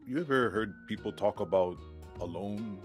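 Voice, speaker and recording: A man voicing an easygoing living couch in a video game, talking in a relaxed, drawling way with chill slang. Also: lowish voice, normal speed, soft background music, lightly acted. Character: laid-back male living couch, easygoing and mellow.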